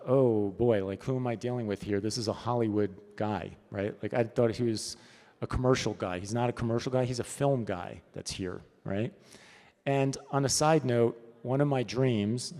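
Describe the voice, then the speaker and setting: A storyboard artist's conference talk echoes with long hall reverb as a man with a warm, mid-range voice tells stories in an easygoing, talkative manner. He keeps tossing in "right?" as he goes, speaking in an event hall.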